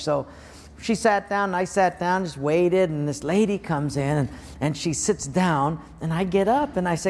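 An older man preaching a sermon as pastor, animated, acting out everyday scenes in playful voices. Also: on the high side, normal speed. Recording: reverberant hall.

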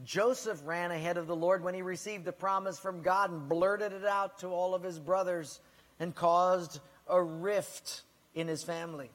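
High-voiced pastor in a reverberant hall. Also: male voice, steady tone, normal speed, fairly bright tone. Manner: questioning the congregation directly, storytelling. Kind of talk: sermon.

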